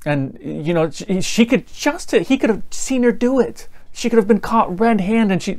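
A man with a high, light voice preaching a sermon. He keeps it conversational, laughing now and then and acting out the people in his stories. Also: normal speed, darkish tone. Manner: conversational, with laughter and acted-out anecdotes.

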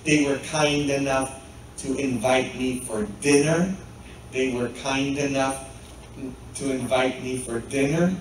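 Male pastor, slow-paced sermon, heard from a distance in a very reverberant church. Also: medium pitch, slight background noise. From Poland. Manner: asks the congregation frequent rhetorical "hmm?" questions. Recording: very echoey church, mic far off.

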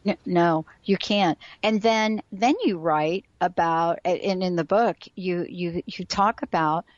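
A woman's voice: on the low side, a little slow, no room sound, muffled recording. A woman hosting a radio talk show, chatty and effusive as she introduces her guest. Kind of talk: radio interview.

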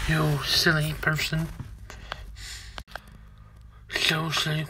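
A woman hosting her own channel in casual video chat, talking in halting, stop-start phrases. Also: low-pitched, flat delivery, noisy background. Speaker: channel host.

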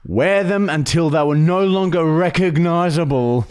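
A man's voice: a little high, a little slow, darkish tone, clean tone. A young Australian man, a podcast co-host, bantering crudely and swearing heavily in casual chat.

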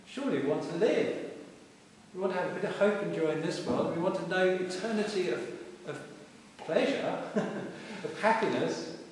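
Emphatic vicar preaching in an echoey church. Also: male voice, sits high, lively intonation, normal speed. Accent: Welsh. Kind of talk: sermon. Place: stone church, live service. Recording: echoey church from far off with hiss.

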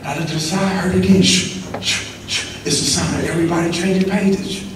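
Male motivational speaker from Los Angeles, high voice, call-and-response storytelling, booming hall reverb. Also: steady tone, racing, background noise. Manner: storytelling, call-and-response with the audience, swings from hushed to shouting. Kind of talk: motivational assembly speech. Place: school gym or auditorium. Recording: echoey hall, voice from far off.

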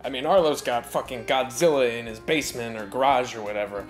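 A man's voice: mid-range voice, a little fast, hardly any pauses, faint music behind. A man giving sarcastic, profane, mock-outraged voice-over commentary on a movie as its reviewer.

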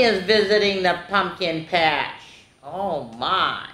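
A woman reading picture books aloud to young children in a playful, animated way, speaking to them directly. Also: lowish voice, moderate pace. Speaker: children's storytime reader. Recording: echoey room.

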